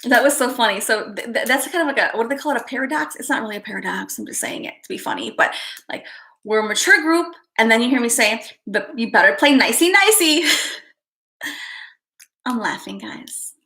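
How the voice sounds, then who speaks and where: Reading her viewers' comments in a relaxed stream chat, she sounds bright, forceful and a touch high. Expressive and quick-paced, she keeps up a giggly, chatty flow, laughing frequently and dropping into soft asides.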